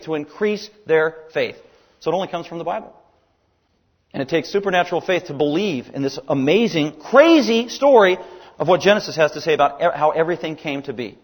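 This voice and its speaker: Guy preaching a sermon, kinda high voice, hits key words hard, big echoey hall.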